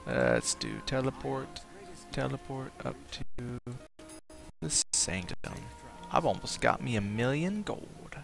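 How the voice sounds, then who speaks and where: A man's voice: mid-range voice, very animated, takes it slowly, gravelly, music in the background. A man streaming a game live, chatting casually, thinking aloud and reading out viewers' comments. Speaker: livestream gamer.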